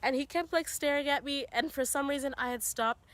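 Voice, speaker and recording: With a high-pitched voice, fairly quick and free of echo, a young woman from Canada tells a story for her vlog outdoors in a forest, using a camera on a tripod. Her casual, chatty delivery is full of "you know" and "like," and her voice lifts as the story builds.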